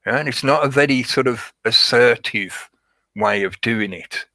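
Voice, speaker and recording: A man's voice: medium pitch, a little slow, bright, forceful tone, dry recording, poor audio. A man giving a casual, rambling monologue as a show host. He repeats himself and stresses his points. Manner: rambling, repetitive, emphatic. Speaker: podcast host.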